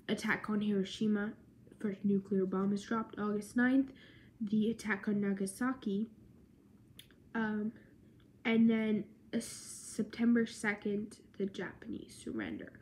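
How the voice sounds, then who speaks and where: A woman's voice: mid-range voice, fairly even intonation, slow, a little mellow, a little hiss or hum. A tired young woman giving a casual history explainer as a student presenter, chatty and full of filler words.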